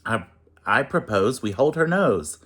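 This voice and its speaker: A man voicing a fretful, sleepy little male mouse in a read-aloud picture book, squeaky and frantic. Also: very animated, unhurried, a bit bright, husky, exaggerated voice. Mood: pleading.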